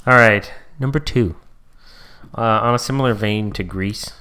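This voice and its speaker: A man's voice: on the low side, moderate pace, sharp tone, a little hiss or hum. A young man co-hosting a podcast, chatting casually and joking around. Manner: joking, laughs often, tries goofy impressions. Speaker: podcast co-host. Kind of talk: casual chat.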